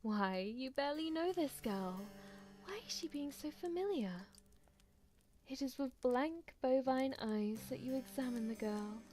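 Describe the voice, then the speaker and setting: A woman's voice: sits high, animated, a little slow, darkish tone, faint music behind. A woman streamer reading a visual novel aloud and chatting playfully with her viewers. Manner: playful, giggly asides to chat.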